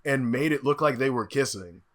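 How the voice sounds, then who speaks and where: Animated storyteller, man, bright forceful voice, podcast banter. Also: mid-range voice, moderate pace. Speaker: podcast co-host. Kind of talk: casual chat.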